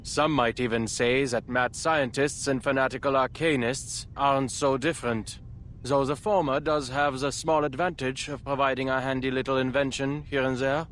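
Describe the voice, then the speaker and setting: A man voicing a sardonic, composed scientist in a game, speaking in a dry, measured way. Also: medium pitch, fairly even intonation, a bit bright, a little hiss or hum, close to an everyday voice. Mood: wry. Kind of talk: game voice acting.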